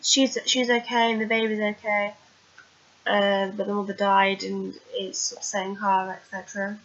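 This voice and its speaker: Bright-voiced woman rambling a recap. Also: medium pitch, flat delivery, normal speed. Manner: chatty, rambling, many fillers. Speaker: TV recap vlogger. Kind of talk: casual recap chat. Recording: dull lo-fi recording.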